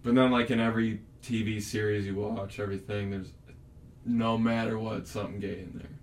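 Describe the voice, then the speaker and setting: Blunt, swearing man with a low voice. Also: little pitch movement, a little fast, darkish tone, slight background noise. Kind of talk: casual chat.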